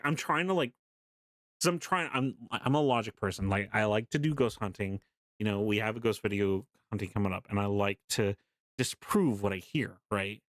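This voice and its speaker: A young man casually telling a story to his live stream chat, animated, laughing often and swearing freely. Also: fairly low pitch, normal speed, dry recording, studio quality.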